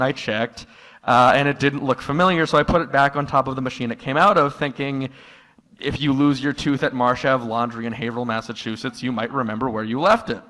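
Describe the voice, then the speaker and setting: A man doing a stand-up comedy set in a live room, telling stories in a dry tone that jumps into loud, exasperated outbursts. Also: mid-range voice. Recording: live room with long hall reverb.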